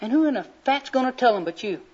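High-voiced fervent male preacher. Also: expressive, fast. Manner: fervent, folksy storytelling. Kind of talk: sermon. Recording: slightly muffled recording.

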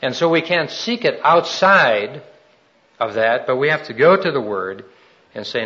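A man's voice: medium pitch, lively intonation, unhurried, sharp tone, highs cut off. Earnest, folksy man preaching a testimony. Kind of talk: sermon with personal testimony.

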